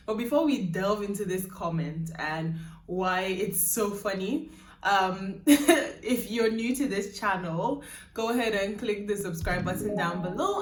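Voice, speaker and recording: Giggly woman vlogger with shifting accent. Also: medium pitch. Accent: shifting between Nigerian and British. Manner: giggly, laughs often, rambling. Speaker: YouTuber. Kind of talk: casual vlog chat. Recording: roomy, mic at a distance.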